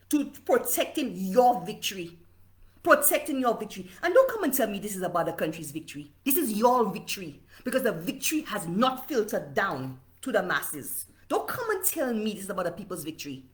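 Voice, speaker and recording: A woman's voice: on the high side, sing-song, moderate pace. A Saint Lucian woman delivering a fiery, repetitive political rant on a livestream, slipping into local dialect.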